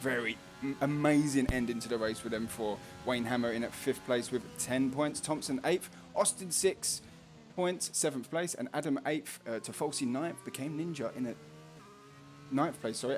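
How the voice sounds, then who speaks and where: A man's voice: mid-range voice, moderate pace, faint music behind. A man with a Cockney accent giving casual, jokey live race commentary, laughing often.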